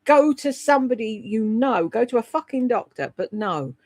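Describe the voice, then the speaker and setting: A livestream host gossips bluntly and swears freely while reading viewer comments and answering people by name. Her voice is on the high side, expressive and a little mellow, at a normal speed, and the recording is dry.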